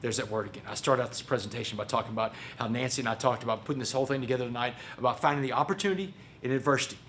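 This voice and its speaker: A Texan man tells a motivational story at a quick clip, animated and folksy as he keeps turning to the audience. His voice sits at an ordinary middle pitch, and there is a faint hiss behind him. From Port Arthur, Texas. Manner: animated, folksy, keeps addressing the crowd as "y'all". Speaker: motivational speaker.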